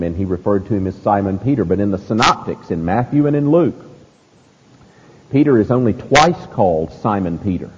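A male pastor delivering an expository sermon, speaking in an emphatic, deliberate preaching manner. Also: on the low side. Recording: long hall reverb, loud hiss.

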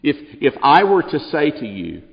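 A male pastor preaching a sermon to a congregation, emphatic, slowing down to stress key words. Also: fairly high pitch, very animated, vocal fry. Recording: distant hall reverb, dull lo-fi sound.

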